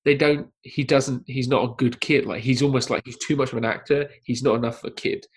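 A man chatting casually on a film discussion podcast, telling a story with lots of energy. He leans into the tale and jumps his voice up high whenever he quotes someone. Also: steady tone, brisk, husky. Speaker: podcast panelist.

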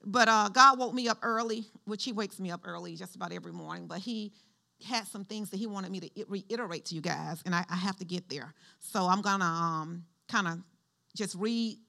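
A woman's voice: mid-range voice, a little fast, creaky. A woman pastor preaching a sermon in a conversational style, calling out prompts for the congregation to answer. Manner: lively call-and-response with the congregation; conversational, shifts between preaching and chatty asides.

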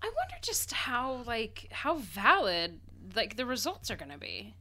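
Co-host, woman, bright animated voice, teasing quips. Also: fairly high pitch, measured pace. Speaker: podcast co-host. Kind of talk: casual chat.

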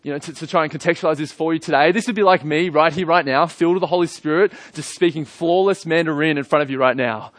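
An Australian man in his thirties preaches a sermon in a warm, chatty way, pitched a little high. He moves between earnest points and gentle jokes. His voice sounds close and dry. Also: fast talker, hardly any pauses, dry recording. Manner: conversational, earnest, lightly humorous. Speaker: pastor.

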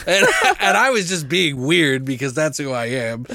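Male host, bright crisp voice, dry close sound, animated storyteller who swears freely. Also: on the high side, normal speed, no echo. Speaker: podcast host reviewing a film. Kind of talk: casual chat.

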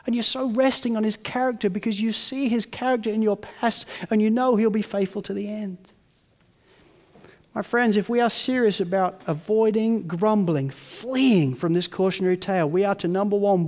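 A male pastor preaching a sermon, dropping to soft murmurs and rising to loud, ringing emphasis. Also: sits high, normal speed, big-room sound.

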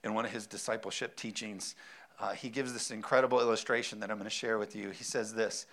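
A man's voice: lowish voice, steady tone, fast, fairly bright tone. A man preaching a sermon, emphatic, with rhetorical questions and frequent amens. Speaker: pastor.

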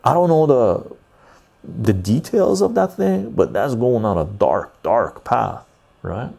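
Gravelly, ranting man with a husky voice. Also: mid-range voice, expressive, slow, mellow. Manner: ranting, profane, keeps asking "right?". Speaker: podcast host. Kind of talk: casual live-stream rant.

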